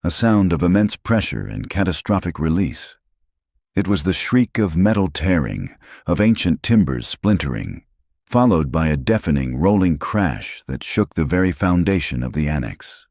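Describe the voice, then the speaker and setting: Extremely deep-voiced male story narrator. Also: big pitch swings, moderate pace, darkish tone, no echo, clean studio sound. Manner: dramatic, suspenseful delivery.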